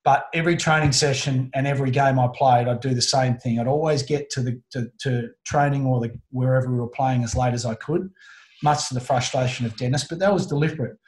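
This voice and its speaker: Here a middle-aged Australian man, a guest on an interview, recounts something personal in a medium-pitched voice. He speaks earnestly but haltingly, frequently starting his sentences over, and the room adds a noticeable echo.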